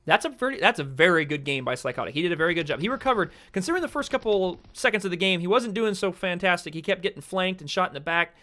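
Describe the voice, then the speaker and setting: A young American man giving solo esports-style play-by-play of a shooter game from his streaming chair, getting excited on big plays. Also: sits high, quick pace, hardly any pauses. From United States. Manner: excitable play-by-play, chatting with stream viewers between calls. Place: home streaming setup, seated in a chair.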